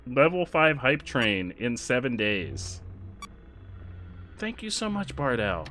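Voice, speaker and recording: A man streaming a game, chatting casually and loudly thanking donors with sudden excited outbursts. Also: slow pace, long pauses, soft background music. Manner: excitable, shouts out thanks to donors with big jumps in pitch. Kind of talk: casual live-stream chat while gaming.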